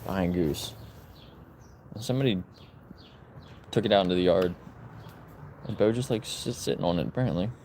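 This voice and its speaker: A man casually vlogging in his yard, talking to his dogs and putting on a high sing-song voice for them. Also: moderate pace, pauses often, darkish tone, slight background noise. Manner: chatty, switches to high sing-song baby talk for the dogs. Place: outdoor yard.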